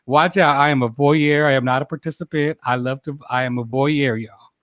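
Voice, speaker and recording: A man's voice: mid-range voice, steady tone, normal speed, fairly bright tone, dry recording, studio quality. A man in his forties hosting a casual livestream, chatting with viewers, laughing often and stumbling over his words. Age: 40s. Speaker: host.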